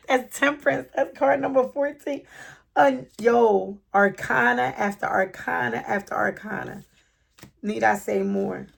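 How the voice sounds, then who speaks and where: A middle-aged woman giving a spontaneous tarot reading, excitable and full of slang, laughing and breaking into snatches of song. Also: on the high side, measured pace, creaky, breathy edge. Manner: excitable, laughing, slang-heavy, bursts into singing. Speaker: tarot reader.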